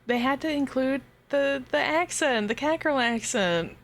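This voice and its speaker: A woman streaming a game live, chatting casually to her viewers, giggling and swearing as she gets excited. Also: high-pitched, moderate pace.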